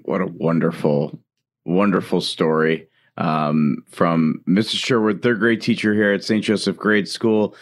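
A man hosting a radio fundraiser, making brisk and upbeat appeals for pledges and interviewing guests. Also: sits low, steady tone. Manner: brisk, upbeat appeals, repeats the phone number. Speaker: radio host running a fundraiser.

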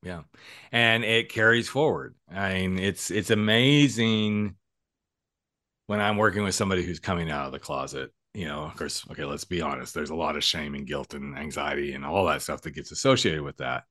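A man hosting a podcast, talking in an animated, emphatic, chatty way. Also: low voice, moderate pace, no echo, studio quality. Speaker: podcast host and coach. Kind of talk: casual podcast conversation.

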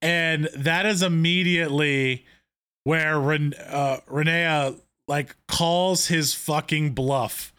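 Chatty, higher-voiced man recapping a show. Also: fairly even intonation, takes it slowly, sharp tone, clean tone, dry recording, studio quality. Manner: enthusiastic, retells scenes with quoted lines, many fillers. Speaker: podcast co-host. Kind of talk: casual TV recap chat.

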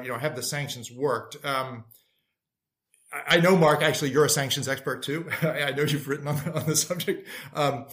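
A man speaking as a policy expert guest in a panel discussion, reasoning aloud in a measured way. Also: medium pitch, a bit bright.

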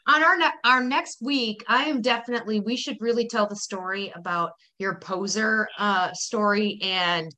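A woman's voice: mid-range voice, normal speed, hardly any pauses, pushed and bright. A woman co-hosting a casual podcast, teasing her friend and giggling as she talks. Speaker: podcast co-host. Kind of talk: casual chat.

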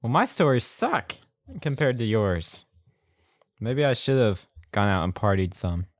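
A man's voice: fairly low pitch, lively intonation, unhurried, no echo, clean studio sound. A young man co-hosting a podcast, bantering in a teasing, playful way. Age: young adult. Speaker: podcast co-host. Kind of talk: casual banter.

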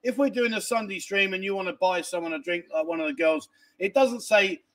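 A man's voice: sits high, brisk, fairly bright tone. A middle-aged man hosting a casual livestream, bantering and laughing as he reads viewer comments, tired from lack of sleep. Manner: cheeky, banters and laughs while reading comments. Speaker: livestream host.

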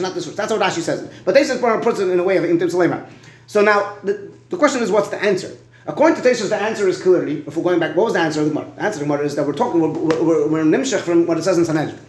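Fast-talking man leading a Talmud study. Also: sits high. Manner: fast, questioning, repeats words while thinking aloud. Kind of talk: animated Talmud study debate. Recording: echoey room.

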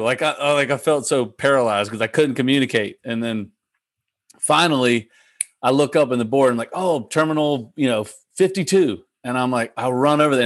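A young man with a Southern accent telling a rambling, animated story as a guest on a casual podcast, full of restarts and fillers. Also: medium pitch, no echo, studio quality. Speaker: professional golfer guest.

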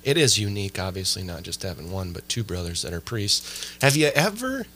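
A man tells a funny family story on a podcast, pitching into excited asides and piling on fillers. His voice has a very bright, forward edge, and a faint hum sits under the recording. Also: brisk. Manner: animated storyteller, many fillers. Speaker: podcast host. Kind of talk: casual chat.

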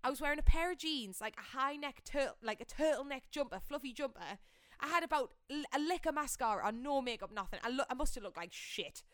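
A young woman telling a long story in casual chat, animated and giggly, swearing freely. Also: high-pitched, quick pace, no room sound, clean studio sound.

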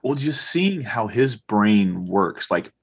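A man's voice: takes it slowly, husky. A man in his thirties chatting casually, telling a story with lots of acted-out dialogue and swearing. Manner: animated storyteller, acts out quoted dialogue with big pitch jumps, swears freely. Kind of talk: casual chat.

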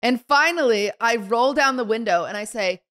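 A young woman co-hosting a podcast, telling a story in casual chat and acting out the quotes with sudden swings in loudness. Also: on the high side, normal speed. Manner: animated storyteller acting out quotes, swings between soft mutters and loud outbursts. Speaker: podcast co-host.

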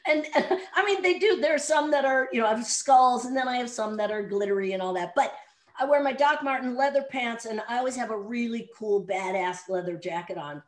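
A middle-aged woman telling lively stories in a casual chat, laughing often as she talks. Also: on the high side, a little fast, poor audio. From Chicago area. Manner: animated storyteller, laughs often.

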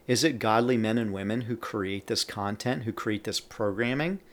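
A man's voice: on the low side, normal speed. A man giving a Bible teaching on a podcast. He reads scripture aloud with added emphasis and stops to comment between verses. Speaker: podcast preacher.

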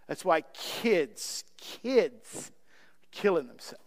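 Earnest high-voiced male pastor preaching. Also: big pitch swings, very slow, long reverb tail. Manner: earnest, pleading, repeats words. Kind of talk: sermon.

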